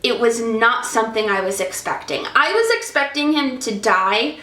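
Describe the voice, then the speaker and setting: A woman's voice: on the high side, expressive, normal speed, bright, forceful tone. A woman book vlogger in casual review chat, talking in an effusive, emotional, chatty way. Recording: echoey room.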